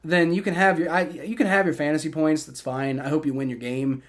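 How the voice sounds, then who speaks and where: A man hosting a live play-by-play reaction stream, excitable and swearing loudly at bad plays while chatting with his viewers. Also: on the high side, fairly quick. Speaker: livestream host.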